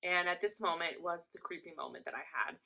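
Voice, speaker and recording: A woman's voice: fairly low pitch, brisk. Chatty young woman telling a story. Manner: chatty, animated storytelling that acts out quotes. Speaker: vlogger. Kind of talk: casual storytime.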